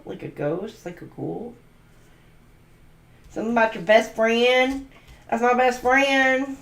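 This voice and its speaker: A woman's voice: on the high side, takes it slowly, vocal fry, long pauses, fairly bright tone, echoey room. A woman doing a channeled tarot reading, musing aloud and free-associating letters, numbers and words. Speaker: tarot reader.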